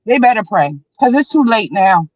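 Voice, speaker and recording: A woman's voice: medium pitch, big pitch swings, normal speed, a little mellow, no room sound. Blunt slangy woman in her 40s calling into a livestream, heated commentary, kinda dull dry audio. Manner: blunt, emphatic slangy talk. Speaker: guest on a livestream.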